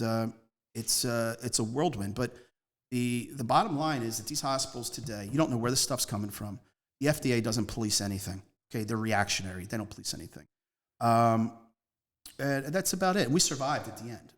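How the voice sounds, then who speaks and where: In a casual storytelling interview, a man from Northeast Philadelphia speaks as a guest at a mid-range male pitch. He tells his story in a meandering, emphatic way, moving from one anecdote to the next and leaning on key words.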